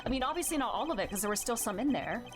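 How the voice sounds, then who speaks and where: A woman's voice: on the high side, lively intonation, lightly acted. A woman reading a methodical prosecutor. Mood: deducing. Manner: measured, deductive. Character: calm methodical male prosecutor. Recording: game music behind the voice.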